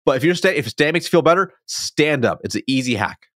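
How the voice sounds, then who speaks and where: A man being interviewed as a sales coach, a self-described fast talker who stumbles and restarts his words, speaking over a video call. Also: on the high side, expressive, a bit bright, no echo, studio quality. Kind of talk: conversational interview.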